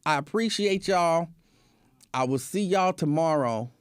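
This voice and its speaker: A man hosting a casual livestream show, telling a story in an animated way, laughing often and acting out scenes. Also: fairly high pitch, unhurried, clean tone, dry recording. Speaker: show host.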